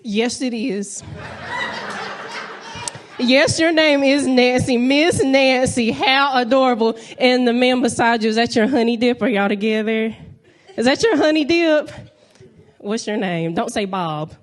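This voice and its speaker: A woman's voice: on the high side, unhurried. A young woman from North Carolina, doing a brash, playful stand-up set and talking straight to the crowd from a comedy club stage.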